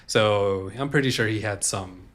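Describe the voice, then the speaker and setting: A man's voice: fairly low pitch, unhurried, fairly bright tone. A man co-hosting a casual film podcast, laid-back and slangy. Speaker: podcast co-host.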